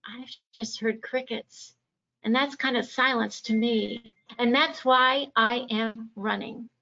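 A woman's voice: fairly high pitch, fairly even intonation, slow, creaky, pushed and bright. A woman from Virginia giving a passionate, emphatic campaign speech as a candidate at a forum. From Virginia, USA. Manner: passionate, emphatic stump speaking. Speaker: political candidate. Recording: dull lo-fi audio.

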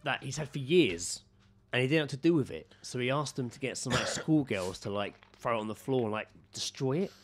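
A young man co-hosting a podcast, reacting loudly, laughing often and rambling through anecdotes. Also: medium pitch, expressive, fairly quick. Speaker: podcast co-host. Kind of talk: casual chat and banter.

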